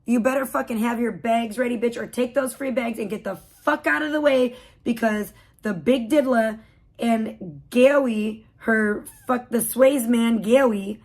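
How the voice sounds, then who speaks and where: High-voiced woman roasting on a livestream. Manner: profane mocking roast commentary. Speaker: livestream host. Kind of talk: live stream commentary.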